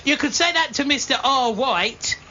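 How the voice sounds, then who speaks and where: A man's voice: very high-pitched, lively intonation, normal speed, pushed and bright. A man co-hosting a local radio show, teasing and mocking his partner in casual studio banter. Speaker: radio co-host. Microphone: studio microphone. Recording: dull radio studio recording with clicks.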